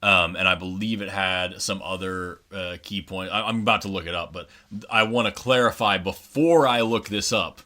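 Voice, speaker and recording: Profane ranting young man, bright tone. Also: low voice, steady tone, normal speed, hardly any pauses. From Oklahoma. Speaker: podcast co-host. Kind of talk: casual ranting chat.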